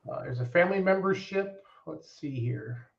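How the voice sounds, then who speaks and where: A man's voice: on the high side, normal speed, vocal fry. A man hosting a live stream from his home, chatty and upbeat as he reads out viewer comments. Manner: upbeat, chatty, lively promoter. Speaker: host of a live pulling show stream. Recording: dull lo-fi stream audio.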